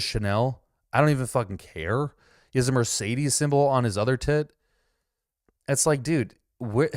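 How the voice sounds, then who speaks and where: A man's voice: medium pitch, dry recording, clean studio sound. A man hosting a casual reaction commentary, mocking and rambling with plenty of swearing. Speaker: commentary host.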